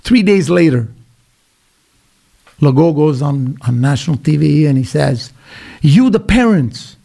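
A middle-aged man from Quebec, telling stories as a podcast guest in an animated, emphatic way with blunt asides. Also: on the high side, unhurried, creaky. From Quebec, Canada. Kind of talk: casual podcast conversation.

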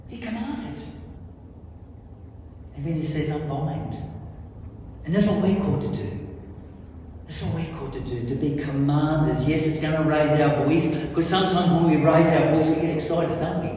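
Fervent preacher in echoey hall. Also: male voice, on the high side, moderate pace, slight background noise. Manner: fervent, swings from soft asides to loud commanding shouts. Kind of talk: charismatic sermon. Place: large hall with long echo. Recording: echoey hall from far off, faint ambience.

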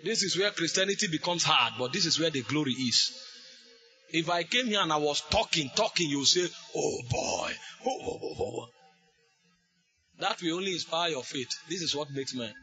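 A man preaching a sermon, fervent, with sudden shouted bursts. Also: fairly high pitch, expressive, brisk, faint music behind.

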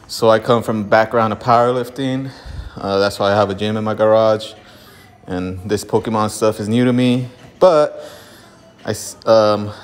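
Breathless, laid-back low-voiced man. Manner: laid-back, profane, rambling with fillers. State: out of breath from exercise. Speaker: vlogger opening card packs. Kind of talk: casual vlog talk to camera. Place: home garage gym.

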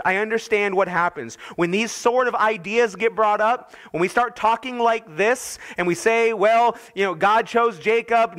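Pastor delivering a sermon, high bright voice, earnest, climbs higher and louder when quoting God. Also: male voice. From United States. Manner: earnest preaching, rising in pitch and force when voicing God's words.

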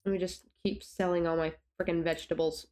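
A woman's voice: lowish voice, little pitch movement, fairly quick, dark tone. A young woman giving casual gameplay commentary, rambling and exasperated, talking to the characters in her game. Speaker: gaming YouTuber.

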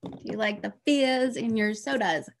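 A woman teaching a phonics lesson to children, slowly and patiently sounding out letters and words. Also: mid-range voice, slight background noise.

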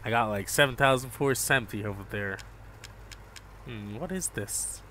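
A man giving relaxed live gameplay commentary, chatting with viewers and calling them bro. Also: medium pitch, normal speed, slight background noise. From Jamaica. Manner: laid-back, chats with viewers, calls them bro. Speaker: gaming streamer.

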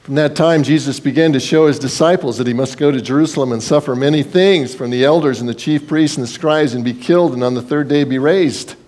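A man's voice: on the high side, darkish tone. A man preaching a sermon as pastor, in a conversational style, acting out quoted voices and sometimes repeating words.

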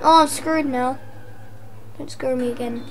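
A woman with a worn-out, high voice does casual let's-play commentary at a measured pace with fairly even intonation, a crowd audible behind her. She jokes about the game she's playing and yelps and shouts when startled.

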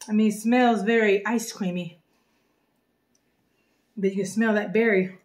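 A woman vlogging a casual drink review, playful and slangy with sudden animated bursts. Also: medium pitch, unhurried, long pauses. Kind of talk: casual chat.

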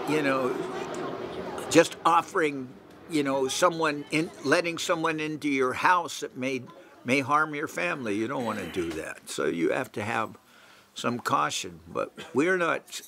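A man gives a relaxed devotional class in a private home, his mid-pitched voice carrying a gravelly edge. He talks in a loose, conversational way, full of "you know" fillers and restarts. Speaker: guru giving a class. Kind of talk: devotional lecture.

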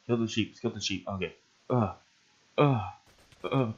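Guy narrating his game, lowish voice, laughs a lot, yelps when stuff happens, muffled cheap mic. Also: moderate pace, pauses often. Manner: excitable, laughs often, bursts into yelps. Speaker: gaming channel host. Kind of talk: gameplay commentary.

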